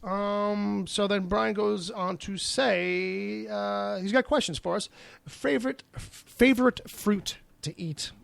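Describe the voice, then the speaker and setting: A man's voice: high voice, takes it slowly, gravelly. A man hosting a casual podcast, reading out listener emails in a loose, profane, joking way. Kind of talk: casual chat.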